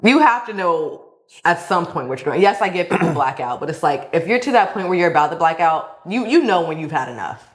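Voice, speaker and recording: A woman's voice: fairly low pitch, sing-song, brisk. A woman co-hosting a story-reaction show, giving emphatic, firm opinions. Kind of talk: casual commentary.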